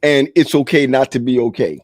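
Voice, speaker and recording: A man's voice: mid-range voice, a little fast, a little mellow, dry recording. A man in casual conversation who often stumbles and restarts his sentences. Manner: hesitant, stammering restarts. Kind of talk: casual chat.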